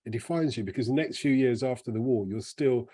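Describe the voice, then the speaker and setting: A man's voice: mid-range voice, a little fast, warm tone, husky. A man co-hosting a casual football chat podcast, reflective, working his way around each point. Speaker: podcast co-host.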